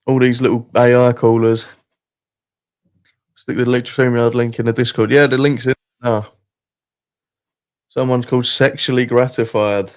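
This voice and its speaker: A man's voice: mid-range voice, level tone, unhurried, long pauses. Man, stream host, laid-back, rambling, casual swearing, mid-range voice. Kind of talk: casual live stream chat.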